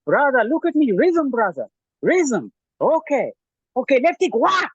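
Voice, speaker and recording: A man doing a pumped-up, high-pitched Muay Thai pad trainer. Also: huge pitch swings, measured pace, slightly rough, no room sound, muffled recording, heavily acted. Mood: fierce. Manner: loud, chanting encouragement.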